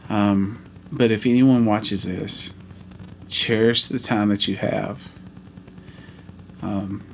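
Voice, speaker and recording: Earnest man in his forties, lowish voice. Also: fairly even intonation, vocal fry, slight background noise. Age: 40s. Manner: earnest, heartfelt storytelling with halting pauses. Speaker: vlogger. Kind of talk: personal reflective vlog.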